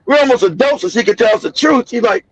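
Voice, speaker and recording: A man in his fifties from the United States, telling profane family stories on his stream with loud cackling laughs. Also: very high-pitched, lively intonation, quick pace, slightly rough, dry recording. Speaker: streamer host. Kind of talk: profane casual storytelling. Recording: dull lo-fi dry stream audio.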